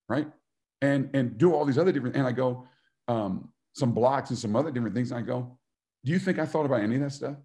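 A man's voice: medium pitch, darkish tone. A middle-aged man, a former football player and coach, giving a motivational talk and telling stories, acting out the voices he quotes and laughing often.

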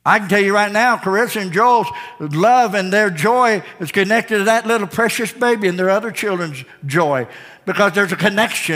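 A man preaching a sermon as pastor, swinging between hushed, drawn-out lines and soaring, repeated phrases. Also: high-pitched. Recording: long hall reverb.

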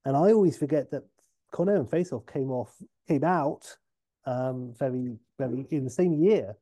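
Speaking at a moderate pace in a mellow, mid-range voice, this English co-host of a movie podcast rambles chattily and drifts into asides during casual conversation.

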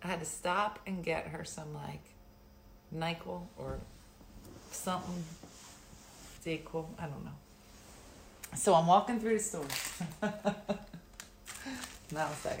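A woman's voice: low voice, takes it slowly, creaky, long pauses, a little hiss or hum. A middle-aged woman hosting a live stream, chatting casually, rambling and laughing often. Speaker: livestream host.

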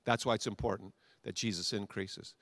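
A male pastor preaching a sermon in a church, animated and talking directly with the congregation. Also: on the low side, a little fast, no room sound, studio quality.

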